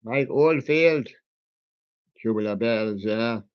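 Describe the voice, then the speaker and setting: A man's voice: mid-range voice, takes it slowly, clear, resonant tone. A man hosting a music show who reels off records and years in a loose, chatty way, slipping puns in between. His voice sits in a middle range and comes through a dull, lo-fi recording. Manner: rambling, wordplay on song titles. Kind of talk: casual record-show chat.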